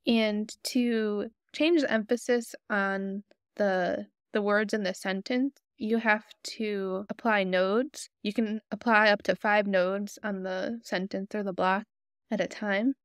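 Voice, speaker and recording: A woman calmly walking viewers step by step through a software tutorial. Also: mid-range voice, slow pace, clean tone, no room sound, studio quality. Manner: friendly, explanatory, step-by-step. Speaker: tutorial host. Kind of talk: screen-recorded software tutorial.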